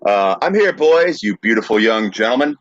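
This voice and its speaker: Low-voiced, teasing man. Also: lively intonation, moderate pace, no echo, highs cut off. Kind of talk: casual live-stream chat.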